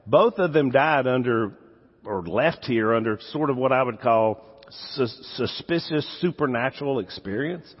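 A man with a Southern US accent preaching a sermon as pastor, swinging from loud emphasis to quiet asides. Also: mid-range voice, husky. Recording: dull sound with long hall reverb.

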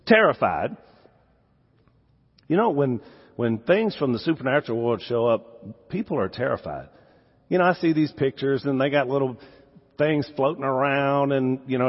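Southern pastor preaching, lively up and down delivery, slightly husky, long church echo and dull sound. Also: male voice, mid-range voice. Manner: animated, swings from loud emphasis to quiet asides. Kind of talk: sermon.

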